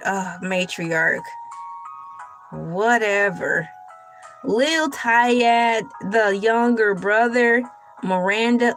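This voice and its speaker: A woman's voice: on the high side, a bit bright. A young adult woman hosting a casual livestream, chatty and laughing often as she talks to her chat. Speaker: livestream host.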